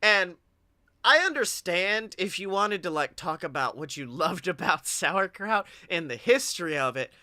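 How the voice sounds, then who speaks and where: A man co-hosting a podcast, telling animated stories in casual chat and acting out what others said. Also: sits high, unhurried. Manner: animated storyteller, acts out quotes, laughs often. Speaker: podcast co-host.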